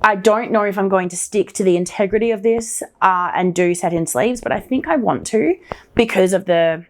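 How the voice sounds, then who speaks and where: A woman hosting a knitting podcast, talking in a casual, gushing, excitable show-and-tell style. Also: mid-range voice, normal speed.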